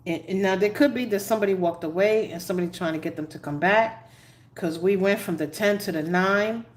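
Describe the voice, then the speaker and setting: Animated New woman telling stories. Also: mid-range voice, slight background noise. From New York. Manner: animated storyteller, laughs often, dramatic asides. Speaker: tarot reader. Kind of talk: casual live-stream chat.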